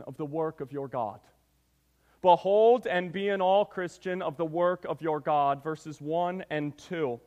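A man serving as pastor delivers a sermon in a church sanctuary, reading scripture and leading prayer. His voice sits high for a man, and he preaches with emphasis, often calling out to the congregation. A long reverb from the hall lingers behind every phrase.

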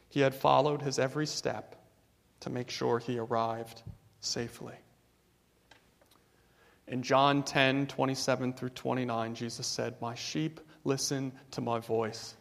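A man preaching a sermon as pastor, moving from hushed passages to loud, fervent exhortation. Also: fairly high pitch. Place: church sanctuary. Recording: long hall reverb.

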